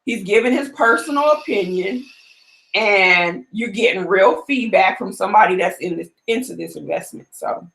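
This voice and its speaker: Brisk chatty woman on a live stream with her husband, echoey room. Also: medium pitch, creaky, a bit bright. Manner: brisk, chatty, quick to back up her points. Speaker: host's wife and co-presenter. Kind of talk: casual live-stream chat.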